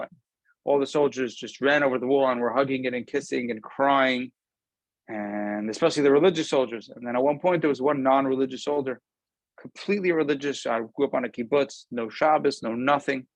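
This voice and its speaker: A man's voice: medium pitch, dry recording, rough recording. Man giving a dry, casual Torah talk. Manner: conversational, often pausing with ums. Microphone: video call camera.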